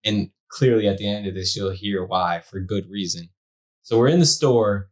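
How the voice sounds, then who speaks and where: A young man, a new father and podcast co-host, telling a story in a lively, slangy way and acting out the quotes. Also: on the low side, normal speed. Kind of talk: casual storytelling chat.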